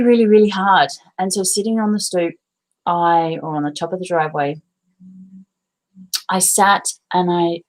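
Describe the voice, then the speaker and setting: A woman speaks in a slightly low voice during a casual live stream. She is open and confessional, clears her throat often and lets the odd swear word slip. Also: low-quality recording. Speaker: vlogger.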